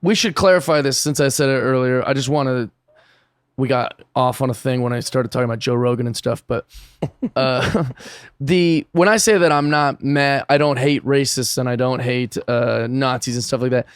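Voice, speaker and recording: An American man, a guest comedian, chatting casually on a podcast and telling animated stories. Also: mid-range voice, moderate pace, clean tone, no echo, clean studio sound. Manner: animated, storytelling, excitable laughs.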